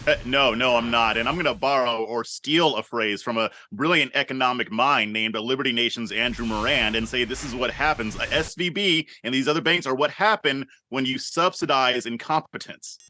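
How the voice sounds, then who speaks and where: A man's voice: medium pitch, fairly quick, hardly any pauses, bright, forceful tone, slight background noise. A man on a panel show, giving his opinion emphatically and repeating points for stress.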